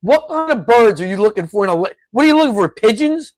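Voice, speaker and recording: A man's voice: high voice, animated, fast talker, a little mellow, no echo, poor audio. A man co-hosting a casual political chat from his home garage, blunt, dismissive and matter-of-fact. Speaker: co-host.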